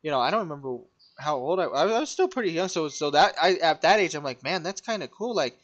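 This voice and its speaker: A young man hosting a casual podcast, upbeat and excitable, quick to agree with his co-host. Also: fairly high pitch, dull audio. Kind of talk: casual chat.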